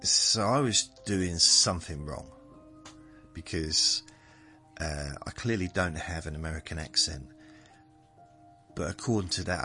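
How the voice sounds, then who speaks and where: Deep-voiced southern English man rambling. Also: moderate pace, pauses often, pushed and bright, faint music behind. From southern England. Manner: meandering, self-correcting. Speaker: podcast host. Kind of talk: rambling monologue for sleep.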